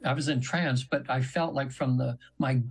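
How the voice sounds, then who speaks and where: A man's voice: mid-range voice, fairly even intonation, moderate pace, slightly rough, rough recording. A man in his seventies, a radio guest, telling long stories in a casual, rambling way with many fillers and restarts. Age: 70s. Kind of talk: casual storytelling on a radio show.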